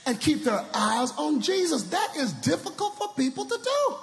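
A male guest preacher from Dallas, Texas, preaching an energetic sermon with shouted, sing-song lines and call-and-response in a church. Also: very high-pitched, moderate pace, long reverb tail, faint music behind. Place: large church sanctuary.

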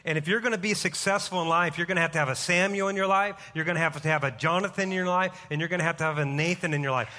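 A middle-aged man preaching a sermon as pastor, energetic and joking as he tells a story. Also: a little high, very fast, few pauses. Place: church sanctuary. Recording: live hall reverb.

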